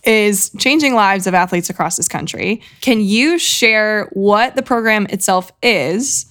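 A woman's voice: medium pitch, measured pace, a bit bright. A woman hosting a podcast, speaking effusively and emotionally, heaping praise on her guest, her voice tearful at times. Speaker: podcast host. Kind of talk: podcast interview.

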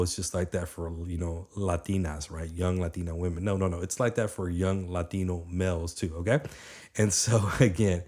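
A young adult man giving a motivational talk in an energetic, conversational way, repeating lines for emphasis. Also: low voice. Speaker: motivational speaker.

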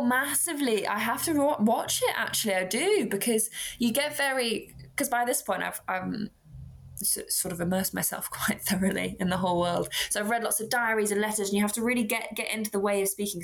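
A woman's voice: mid-range voice, brisk. A woman author reading from her novel and then chatting in a self-deprecating, easygoing way. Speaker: author, guest.

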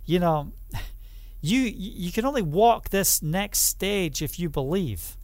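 A man's voice: high voice, lively intonation, takes it slowly, darkish tone, no echo. A man acting out a firm teacher who gives urgent, direct instructions.

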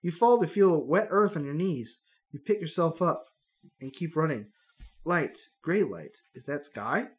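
A man's voice: fairly high pitch, expressive, measured pace. A man reading a choose-your-own-adventure book aloud as game master, joking and stumbling over words. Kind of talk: comedic gamebook read-aloud.

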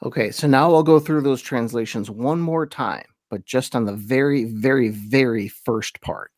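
A man of middle pitch gives a relaxed, thoughtful lecture, reading scripture passages slowly and deliberately. His voice sits close and dry, with no room sound around it. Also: no echo. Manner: thoughtful, slows down to read quotations with weight. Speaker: podcast host teaching religious history. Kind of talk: informal lecture with read-aloud quotations.

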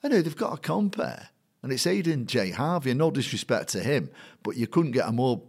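A man's voice: mid-range voice, fairly quick, breathy edge. Middle-aged Mancunian man spinning yarns. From Manchester, England. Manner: lively raconteur who acts out the people in his stories. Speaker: guest, matchday compere. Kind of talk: anecdotal storytelling in a conversation.

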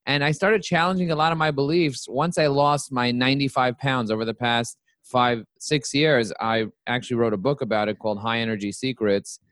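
As a guest in a casual interview, a company CEO tells stories in a mid-range voice at a fairly quick pace, with no room sound. He's animated and acts out the dialogue he quotes.

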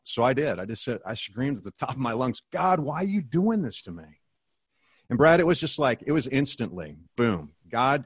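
A man's voice: lowish voice, dry recording, clean studio sound. A middle-aged American man telling a personal story in a podcast interview, earnest and emphatic. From United States. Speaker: guest, author and speaker.

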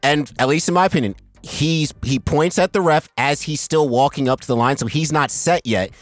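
A man's voice: a little high, moderate pace, no room sound. A man co-hosting a podcast, methodically walking through a football play step by step. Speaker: podcast co-host. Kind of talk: casual sports debate.

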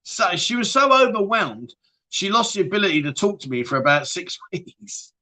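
A man hosts a relaxed livestream, joking and laughing through viewer comments. His voice is bright and forceful and sits slightly high for a man. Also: normal speed. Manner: jokey, laughing, banter with viewers. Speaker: livestream host. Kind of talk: casual livestream chat reading viewer comments.

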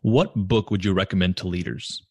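A man hosting a podcast interview, asking questions in a measured, reflective way. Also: low-pitched, fairly even intonation, darkish tone, slightly rough, no echo. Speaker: podcast host.

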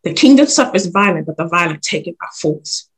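A woman voicing a solemn male prophet who speaks in slow, grave commands, with a husky voice. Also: high voice, lively intonation, voice pushed down, heavily acted.

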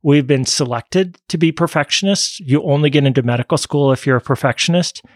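Male doctor guest, measured and reflective, dry close sound. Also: on the high side, dry recording. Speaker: physician guest. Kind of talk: podcast conversation.

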